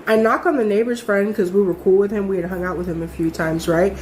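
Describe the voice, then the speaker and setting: A young adult woman telling a story in a casual, animated way, full of swearing and emphasis. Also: mid-range voice, quick pace, slight background noise.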